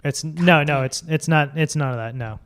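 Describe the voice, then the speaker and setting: A slightly high, fairly bright male voice at a moderate pace belongs to a podcast co-host. He chats casually about movies, swearing freely and offering offhand commentary.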